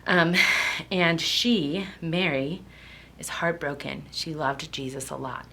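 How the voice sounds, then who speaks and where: A woman giving a devotional Bible reading and reflection, emotional and halting, close to tears and often dropping to a near whisper. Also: sits low, gravelly, pushed and bright, slight background noise. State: tearful, close to crying. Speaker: devotional speaker.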